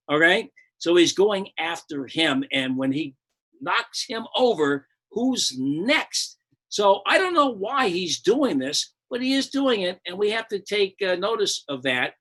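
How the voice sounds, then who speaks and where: A man's voice: on the high side, a bit bright. An older American man, a comedian hosting a live show, ranting about politics in a profane, rambling, heated way with many restarts.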